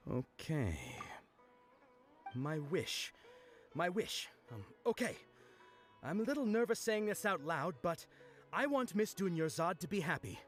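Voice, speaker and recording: An actor playing a bashful, earnest young knight who speaks hesitantly in game dialogue. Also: male voice, high-pitched, sing-song, a little slow, pauses often, soft background music. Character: shy young male knight, earnest and lovestruck.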